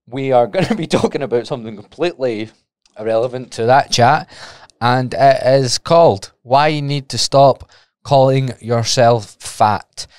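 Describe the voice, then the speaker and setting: A man's voice: mid-range voice, measured pace, darkish tone, clear, resonant tone, no room sound, clean studio sound. A Scottish man hosting a solo podcast, talking casually and rambling off on tangents, with the odd swear. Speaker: podcast host and personal trainer.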